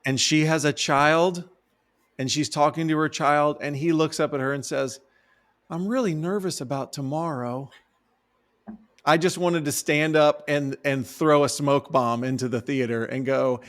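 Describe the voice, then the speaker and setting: A man's voice: fairly high pitch, fairly even intonation, normal speed. A man co-hosting a movie review podcast, playful and theatrical in casual chat. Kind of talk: casual film discussion.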